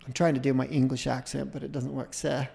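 A middle-aged man, a podcast guest, telling a long casual anecdote in a rambling, animated way, often breaking off and restarting. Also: mid-range voice, fast, vocal fry, long reverb tail. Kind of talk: casual storytelling.

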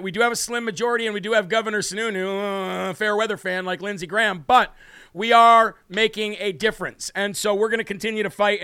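A man's voice: high voice, pushed and bright, smooth, dry recording, clean studio sound. A man from the United States hosting a political livestream in a brash, emphatic way, reading out viewer comments and hammering key words. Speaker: host of a political livestream show. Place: home studio with a city view behind him.

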